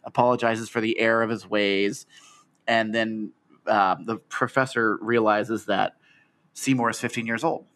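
A man in his thirties co-hosting a podcast in casual chat, giggly and lively, often breaking into goofy voices. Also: fairly low pitch, measured pace. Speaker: podcast co-host.

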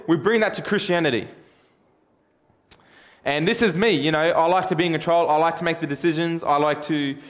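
A man preaching a sermon through a self-deprecating personal story, chatty and joking. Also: fairly high pitch.

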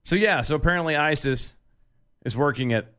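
A man's voice: on the high side, brisk, a bit bright, smooth. A man in his forties, a tired podcast co-host reading news stories and joking around in casual chat, laughing often.

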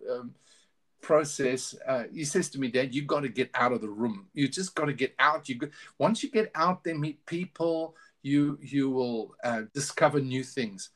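A man's voice: medium pitch, a bit bright. A middle-aged man telling his story candidly in a casual interview, often restarting his sentences. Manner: earnest, candid, with many restarts. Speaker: guest.

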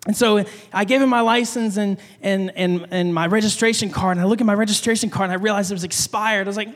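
A young adult man, a pastor, preaching a conversational sermon in a church, telling a personal story with animated delivery and acting out his own panicked thoughts. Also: sits high, quick pace. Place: church sanctuary. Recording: long hall reverb.

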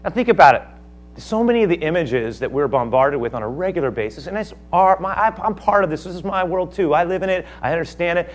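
A man's voice: on the high side, animated, quick pace. Man preaching a dramatic sermon. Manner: dramatic, acts out the speakers of his text with sudden loud outbursts. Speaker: pastor.

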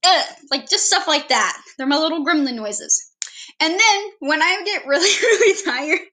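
Young woman, rambling casual intro, giggly, bright, slightly high voice. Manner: rambling, giggly, self-deprecating. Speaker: vlogger introducing herself.

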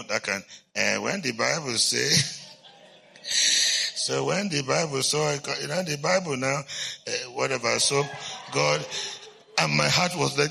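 A man preaching a storytelling sermon as a bishop, animated and laughing, swinging from hushed to loud. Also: medium pitch, gravelly, breathy edge.

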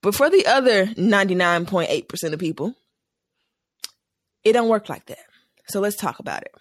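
A man hosting a casual podcast, an animated storyteller who laughs often. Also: sits high, normal speed, no room sound, clean studio sound. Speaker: podcast host.

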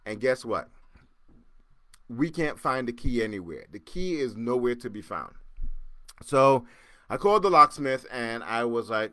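A man hosting his podcast, telling a story casually with lively repeats and acted-out sounds. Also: mid-range voice, normal speed, dry recording, clean studio sound. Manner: animated, repeats words and acts out sounds. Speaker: podcast host.

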